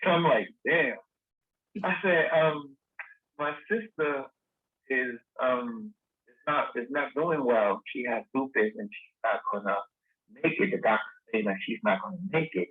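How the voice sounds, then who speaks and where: A man guest telling a lively story in a casual interview, acting out the dialogue he quotes. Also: mid-range voice, a little slow, husky. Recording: tinny phone-line sound.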